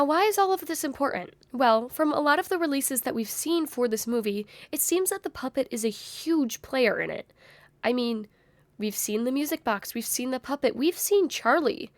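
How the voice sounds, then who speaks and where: A young woman with a slightly high, worn and strained voice works through fan theories in a thoughtful, speculative way. The sound is close and dry, with no room around it. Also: no room sound. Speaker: YouTuber. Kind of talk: fan theory video essay.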